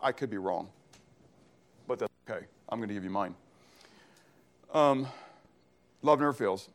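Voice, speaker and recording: A man's voice: on the low side, lively intonation, unhurried. Emphatic male preacher asking call-and-response questions. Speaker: pastor. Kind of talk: sermon.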